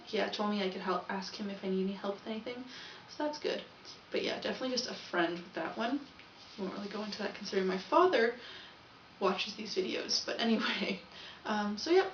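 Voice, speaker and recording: A woman's voice: mid-range voice, recorded from a distance, slight background noise. A young woman rambling through a casual video diary and often correcting herself. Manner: chatty, rambling, self-correcting. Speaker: vlogger. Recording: echoey, dull, from off the mic.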